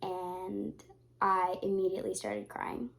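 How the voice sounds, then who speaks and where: A woman's voice: medium pitch, level tone, slow, vocal fry. A young woman talks casually to her vlog audience. She rambles from one thought to the next and swears freely. Her voice carries emotion, as if tears are never far away. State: tearful at times. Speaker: vlogger.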